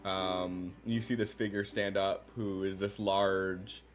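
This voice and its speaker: A man acting as game master, narrating scenes for a tabletop game in a quiet, measured way. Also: deep voice, little pitch movement, soft background music.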